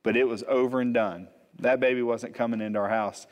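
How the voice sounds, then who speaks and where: A man, preaching as a pastor and telling a funny personal story, animated, acting out the quotes. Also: medium pitch, a little fast. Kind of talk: storytelling sermon. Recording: long hall reverb.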